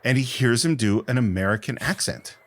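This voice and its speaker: A man in casual podcast chat, his pitch rising and falling freely as he tells stories. His voice sits at a middling height, and he breaks into laughter often. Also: brisk. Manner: animated storytelling, laughs often. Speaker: film podcast co-host.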